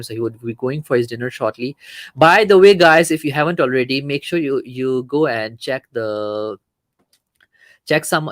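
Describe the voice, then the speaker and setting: A man from Malaysia hosts a casual football talk stream, chatting loosely with a co-host and reading out viewer comments. His voice sits at a middle pitch and sounds close and dry, with hardly any room around it. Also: no echo. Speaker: show host.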